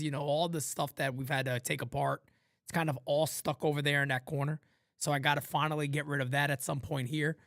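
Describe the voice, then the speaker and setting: A man's voice: on the high side, creaky, dry recording, studio quality. A man hosting a live play-by-play stream, calling the game with sarcastic, exasperated fan commentary. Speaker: host.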